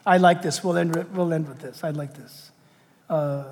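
A man preaching a sermon as pastor, impassioned and full of rhetorical questions, swinging from loud calls to quiet asides. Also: high voice, very animated, moderate pace, long reverb tail. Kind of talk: outdoor sermon.

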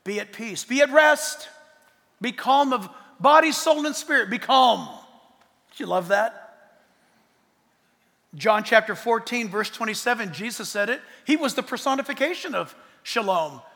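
A high, bright-toned man preaches a sermon with lots of energy. He swings from loud bursts to near-whispers and slips in jokes along the way. His voice rings through a large hall with a long echo. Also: unhurried. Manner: animated, swings from loud to hushed, joking asides. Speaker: pastor.

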